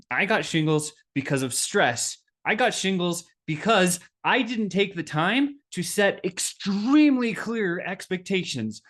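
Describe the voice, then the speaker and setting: A man hosting a business podcast, telling a personal story in a lively, animated way and acting out the voices of the people in it. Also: high voice. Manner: animated, acts out quoted voices. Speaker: podcast host.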